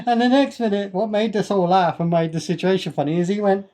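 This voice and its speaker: A man telling a funny story in animated casual chat. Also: high-pitched, moderate pace, noisy background. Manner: animated, builds stories to a punchline. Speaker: podcast co-host.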